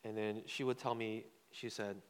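A man's voice: lowish voice, level tone, moderate pace, smooth. A man giving a sermon with a personal story, talking loosely and conversationally, repeating words and asking the crowd "right?" as he goes. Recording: long hall reverb.

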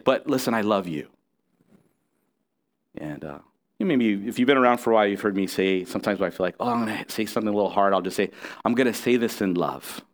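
A middle-aged man preaching a sermon as pastor, earnest and conversational, with restarts and asides to the congregation. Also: lowish voice.

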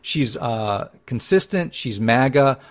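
A man co-hosting a political talk show, chatting casually with frequent laughs and lively asides. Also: mid-range voice, slow pace. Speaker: podcast co-host.

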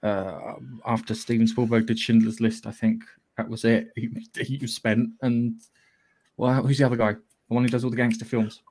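A man's voice: medium pitch, flat delivery, normal speed, a little mellow. A man hosting a podcast, chatting casually about films and rambling with many restarts. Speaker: podcast host. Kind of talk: casual film chat.

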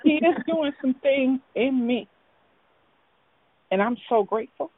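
A woman calling in to share her testimony, speaking in an emotional, halting, earnest way. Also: high-pitched, dry recording. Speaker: caller. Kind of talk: testimony and prayer on a call. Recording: tinny phone line.

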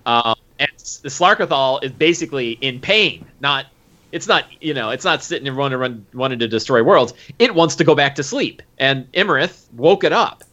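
Guy game master rambling about his campaign, bright voice, lots of likes and ums, muffled recording. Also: medium pitch, moderate pace. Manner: animated, full of fillers and acted quotes. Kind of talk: casual chat recapping a tabletop game. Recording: dull lo-fi recording.

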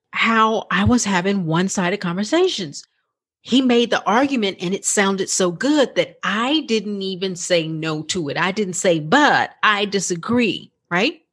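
A woman hosts her coaching podcast in a relaxed, chatty way, often asking her listeners questions. Her voice is husky and a little breathy, and her pitch swings widely as she talks. She takes her time and speaks slowly. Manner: warm and chatty, with frequent laughs and rhetorical questions. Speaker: podcast host and life coach. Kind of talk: casual motivational podcast talk.

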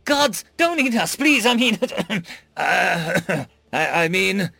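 Man doing a timid alien captain, stammering, panicky, high-pitched, very lively. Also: fairly quick, no room sound. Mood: frightened.

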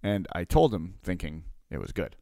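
A man talks to his listeners in a relaxed storytelling style, with a fairly low voice. He acts out conversations with lively energy and keeps checking in with "right?". The sound is dry, with no room echo. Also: normal speed, vocal fry. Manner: animated, acts out dialogue, constant "right?" tags. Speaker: coach and online marketer. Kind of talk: casual storytelling monologue.

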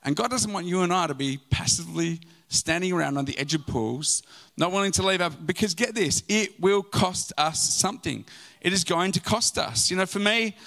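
A man's voice: high-pitched, moderate pace, creaky, sharp tone. A male pastor preaching a sermon in a church, emphatic, with mocking asides.

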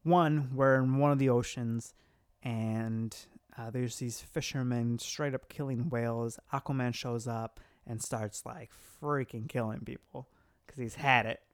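Man, casual chat, animated retelling, smooth clear voice, dry close sound. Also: medium pitch, a little slow, no echo. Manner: animated retelling, quoting characters with laughs. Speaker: podcast co-host recapping a story.

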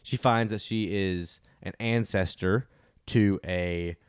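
A man's voice: fairly low pitch, steady tone, takes it slowly, smooth, no echo, clean studio sound. A young man rambling casually through a movie review, full of fillers and restarts.

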